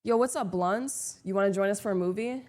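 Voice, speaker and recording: A young woman chats to her stream viewers in a relaxed, casual way, and she speaks in an ordinary middle register. She keeps a dry, sarcastic, deadpan edge, teasing the people in her chat. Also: medium pitch, a little fast. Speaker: live streamer.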